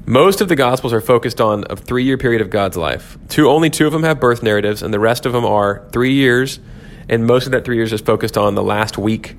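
A man's voice: medium pitch, a little fast, hardly any pauses. A man hosting a devotional podcast, talking through scripture in an earnest, reflective way and repeating key phrases for emphasis. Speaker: podcast host teaching on scripture.

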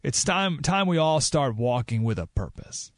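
Male radio host, storytelling monologue, animated delivery, dry studio sound. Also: medium pitch, normal speed, dry recording. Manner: animated storytelling, rising to excited emphasis.

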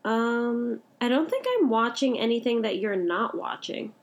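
A young woman with a high voice talks anime as a co-host, gushing freely. She strings her thoughts together with "like" in a loose, casual chat. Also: unhurried, gravelly. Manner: gushing, heavy use of "like". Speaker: podcast co-host.

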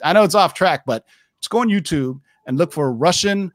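A man's voice: a little high, animated, brisk, dry recording. A man hosting a casual chat about comic books, rambling loosely and correcting himself as he goes, on a dry close mic. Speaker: podcast host.

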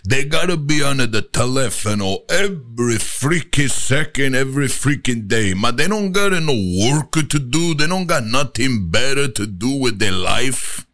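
A man's voice: medium pitch, expressive, measured pace, hardly any pauses, a bit bright, pitched above the performer's own voice. A man voicing a grumbling older Italian immigrant father who speaks broken English with an Italian accent.

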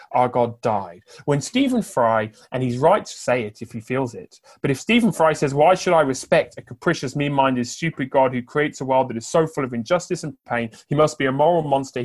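A middle-aged man preaches a sermon with passion. He builds his points through rhetorical repetition in a mid-range voice, rising to loud declarations and then dropping to hushed phrases. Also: medium pitch.

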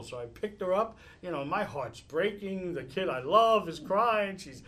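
Male meditation teacher, bright, slightly high voice, animated storyteller who laughs a lot. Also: a little slow. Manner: animated storytelling, chuckles often. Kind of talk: live dharma talk answering questions.

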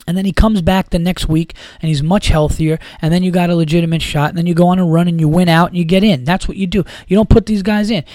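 A man's voice: high voice, fairly even intonation, fast, few pauses, darkish tone, no echo. A man hosting a podcast, ranting about football in a heated, profane, rambling way. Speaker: podcast host. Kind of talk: casual sports rant.

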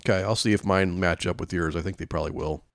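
Casting note: deep-voiced, laid-back man as podcast co-host, dry sound. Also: steady tone, quick pace, no room sound. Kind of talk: casual podcast chat.

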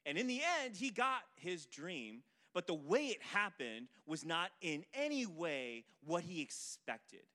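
Bright-voiced male pastor telling a story. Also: a little high, a little slow, hardly any pauses. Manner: animated storytelling, acts out quoted voices. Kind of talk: sermon with storytelling illustration.

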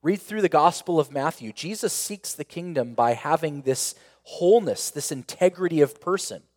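A man pastor preaching a sermon, earnest, with rhetorical questions and repeated phrases, swelling to emphatic peaks and then falling quiet and intimate. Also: a little high, lively intonation, normal speed, long reverb tail.

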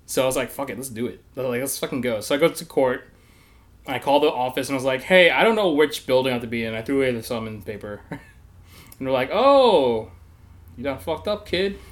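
A young man hosts a podcast, spinning a story in loose, casual chat with frequent laughter and plenty of swearing. His medium-pitched voice is expressive and fairly bright, and he talks fast.

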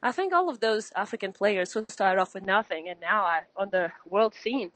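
A woman's voice: mid-range voice, moderate pace, no room sound, poor audio. Slightly breathless woman tennis coach. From Benin. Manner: lively storyteller, laughs often. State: a little out of breath. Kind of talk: casual interview chat.

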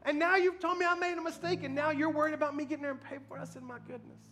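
Man, pastor, high-pitched, sermon storytelling, emphatic, faint music behind. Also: little pitch movement, racing. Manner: storytelling, building to loud emphatic preaching; asks congregation for amens.

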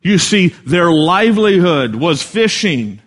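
A man preaching a sermon in an earnest way, swelling louder for emphasis and dropping soft at key lines. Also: high-pitched, big pitch swings, slow pace. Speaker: pastor.

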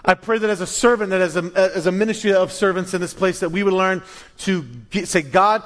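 A male pastor preaching a sermon in a conversational way, swinging between loud emphasis and hushed lows. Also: little pitch movement, quick pace. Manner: conversational with restarts.

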